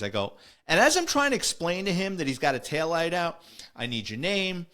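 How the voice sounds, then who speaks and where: A man's voice: on the high side, a little fast. New man telling cop stories. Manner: animated, acts out the people he quotes. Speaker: retired police officer telling stories. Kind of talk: casual storytelling.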